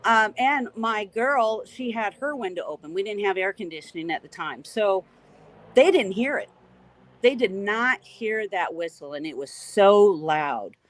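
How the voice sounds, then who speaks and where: A woman guest recounting a frightening encounter in an animated, emphatic way, repeating key phrases. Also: mid-range voice, unhurried. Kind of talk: emotional storytelling.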